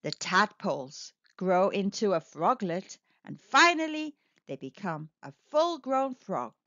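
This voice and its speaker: A woman narrates a children's picture book with a bright, animated voice that rises and falls. Her storytelling is expressive and aimed at young listeners. The recording is dry and a touch muffled. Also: mid-range voice, measured pace, no echo. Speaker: storybook reader. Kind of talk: children's read-aloud narration. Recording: dry, slightly dull recording.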